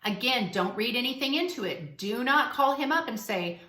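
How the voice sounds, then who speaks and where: A woman's voice: on the high side, animated, normal speed, bright, forceful tone. A woman giving relationship advice straight to camera in a casual, emphatic, coaching way. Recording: roomy echo.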